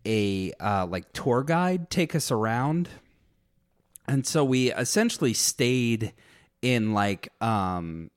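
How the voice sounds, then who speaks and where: An American man telling travel stories in casual chat, halting and full of fillers. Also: medium pitch, expressive, clean tone, dry recording, clean studio sound. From United States. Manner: halting, filler-heavy storytelling.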